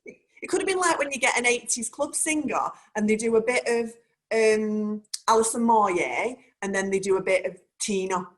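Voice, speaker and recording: Lady host, slightly high voice, rambly chatty, says like a lot. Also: normal speed. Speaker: talk show host. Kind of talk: casual chat.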